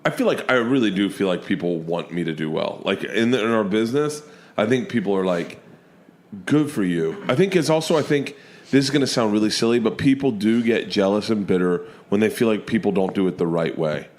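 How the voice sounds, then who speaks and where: A man in his forties, a comedian guest telling stories on a podcast, animated and freely swearing as he acts out his family's lines. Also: fairly low pitch, brisk. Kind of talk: casual podcast storytelling. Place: comedy club during a remote podcast.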